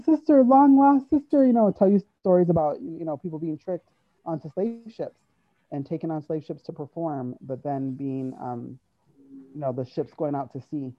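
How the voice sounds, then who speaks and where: A woman's voice: low voice, no echo, phone-quality sound. A woman telling stories in an interview, speaking with animation and acting out the dialogue. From United States. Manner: animated, acts out quoted dialogue, laughs often. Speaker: interview guest, university staff. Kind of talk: conversational storytelling.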